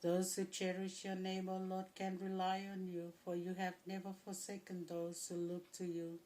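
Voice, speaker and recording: A woman reads scripture aloud at a steady pace, her voice a touch low and held to a narrow, level pitch. She pauses now and then to clear her throat. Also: slight background noise. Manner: steady, even reading with occasional throat clearing. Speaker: scripture reader. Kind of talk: Bible reading.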